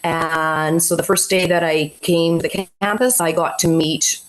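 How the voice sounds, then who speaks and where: A woman's voice: sits low, fairly even intonation, a little slow, poor audio. A woman in her forties, a teacher candidate, sharing her experience in a rambling, chatty way over a video call. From Canada. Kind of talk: casual webinar talk.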